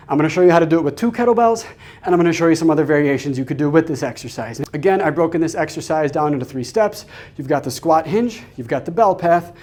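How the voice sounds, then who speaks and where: A man coaching a kettlebell workout, explaining each step clearly and energetically as he demonstrates. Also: a little high, a little mellow. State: out of breath during demonstrations. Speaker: fitness coach. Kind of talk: instructional demonstration.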